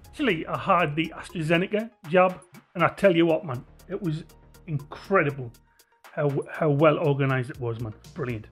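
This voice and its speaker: Husky-voiced northern English man chatting. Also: a little high, moderate pace, a bit bright, soft background music. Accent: Sunderland. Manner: chatty, jokey storytelling. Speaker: podcast co-host. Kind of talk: casual chat.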